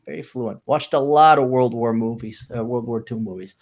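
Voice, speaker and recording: A man's voice: medium pitch, moderate pace. A man hosting a podcast, chatting casually and reading a news story aloud with sarcastic asides. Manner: sarcastic, mocking, laughs at the story. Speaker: podcast host.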